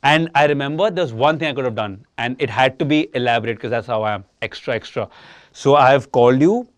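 A young man co-hosting a podcast, telling stories in an animated, casual way and swearing freely. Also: mid-range voice, fast talker, no echo. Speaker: podcast co-host. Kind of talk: casual chat.

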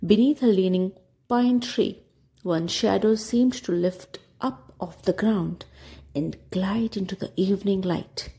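A woman narrating a children's story with expressive delivery, dropping to a whisper at tense moments. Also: medium pitch, a little slow. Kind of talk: storybook reading.

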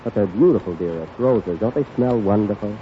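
A man's voice: fairly low pitch, a little fast, pitched below the performer's own voice, lightly acted. A man playing a crooning mock lover. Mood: mock-romantic. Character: smooth young male lover in a comic sketch. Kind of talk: 1930s radio sketch acting. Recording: tinny crackly 1930s radio broadcast.

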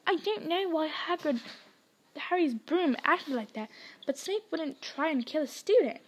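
Gruff insistent half-giant gamekeeper in a storybook reading, a woman with a high voice doing him. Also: lively intonation, a little slow. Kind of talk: storybook read-aloud.

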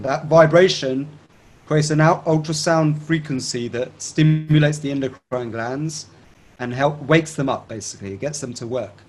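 A man teaching breathing techniques step by step, calmly checking in with his listener and chanting tones to demonstrate. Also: medium pitch. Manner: calm instructive, checks in with "okay?". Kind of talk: guided breathing instruction.

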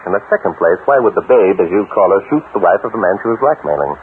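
A man playing a calm, wry amateur detective in a 1940s radio drama, precise and polite in his reasoning. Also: low voice, quick pace. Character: amateur detective, writer who solves crimes. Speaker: detective lead. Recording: tinny 1940s radio broadcast with faint hiss.

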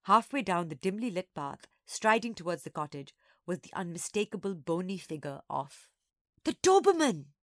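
A woman storyteller reading a children's story aloud, expressive and acting out each character. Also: lowish voice, moderate pace, dry recording, clean studio sound.

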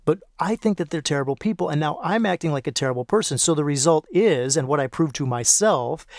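Calm, reflective man, dry close sound. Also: fairly high pitch, no echo. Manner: calm, reflective, repeats phrases for emphasis. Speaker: podcast host. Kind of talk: solo teaching talk.

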